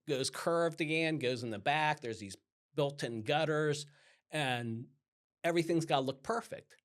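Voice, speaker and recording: A man who owns a roofing company, talking casually as a guest in an interview and acting out the customers he quotes. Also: a little high. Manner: animated, acts out customer dialogue in quotes.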